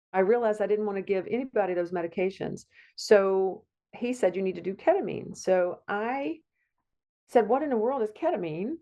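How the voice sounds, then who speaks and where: A woman's voice: medium pitch, warm tone, dull audio. Heartfelt middle-aged woman guest. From Virginia, USA. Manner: heartfelt, rambling with restarts. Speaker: guest, psychiatric nurse practitioner. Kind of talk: conversational interview.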